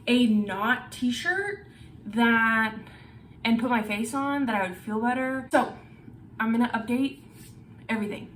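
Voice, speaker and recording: A woman's voice: a little high, fairly bright tone, a little hiss or hum. A young woman vlogging about her reading in a gushing, rambling way, cursing freely, restarting sentences and repeating words for emphasis. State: feeling unwell. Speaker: book vlogger. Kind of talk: casual reading vlog. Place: bedroom at home.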